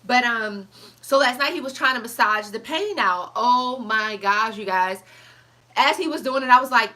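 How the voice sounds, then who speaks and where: A young woman chatting to camera in an animated, chatty way, reading live comments as she tells her story. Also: on the high side, moderate pace. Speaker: vlogger. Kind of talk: casual chat to camera.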